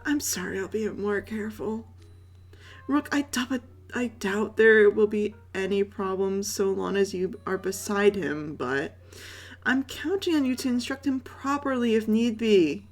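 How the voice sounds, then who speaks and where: A haughty young dorm leader lays down the rules in cool, imperious tones, as a woman reads him aloud. Soft game music hums behind the voice. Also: medium pitch, lively intonation, unhurried. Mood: stern. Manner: stern, imperious instructing.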